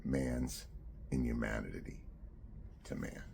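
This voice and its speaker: An author in his sixties from New Jersey shares a personal memory from his youth, speaking conversationally and loosely, and dropping to a near-whisper at grave moments. His voice is extremely low, gravelly and raspy, yet mellow, and he takes his time. Faint background noise runs underneath.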